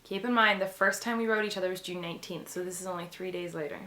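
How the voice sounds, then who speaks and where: A woman's voice: fairly low pitch, fairly even intonation, fast talker, pushed and bright. A woman in her twenties chatting to camera in a casual vlog, playful and self-mocking. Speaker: vlogger.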